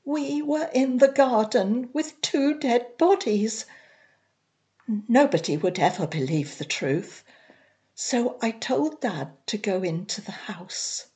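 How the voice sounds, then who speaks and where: Woman narrator, audiobook reading, unhurried pace, even delivery. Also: on the high side. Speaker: reader.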